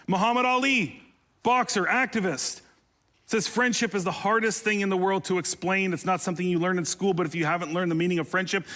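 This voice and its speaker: A man's voice: sits high, fairly bright tone. A man preaching a sermon as pastor, conversational and humorous, with playful asides and rising intensity on emotional appeals.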